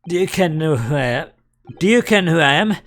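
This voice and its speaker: A man's voice: fairly high pitch, animated, moderate pace, fairly bright tone, faint music behind, pitched above the performer's own voice. A man voicing a surly, dismissive male prison governor while reading a game aloud. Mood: brusque. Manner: gruff, dismissive.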